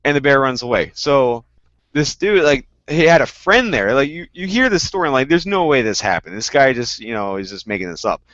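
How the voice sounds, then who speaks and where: A man of middle pitch telling animated stories in a casual podcast chat, getting loud for the punchlines. His voice is dry and close to the mic. It comes through a dull, lo-fi online call. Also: a little fast, no room sound. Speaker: guest panelist.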